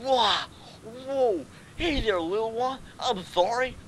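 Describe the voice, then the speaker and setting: A man's voice: very high voice, slow pace, slight background noise, voice pushed up, low-quality recording. A British man voicing a huge, clumsy stallion who is new in town, in a mock-grand reading tone. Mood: flustered.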